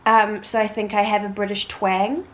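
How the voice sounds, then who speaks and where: Casting: chatty young woman, New Zealand accent, casual vlog co-host, quick to exclaim. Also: medium pitch, flat delivery, rough recording. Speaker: vlogger co-host. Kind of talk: casual chat.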